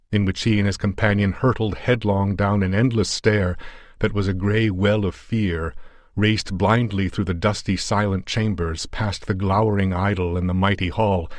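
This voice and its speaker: A man narrating a pulp adventure story in a measured, dramatic audiobook reading on a close mic. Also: low-pitched, dry recording.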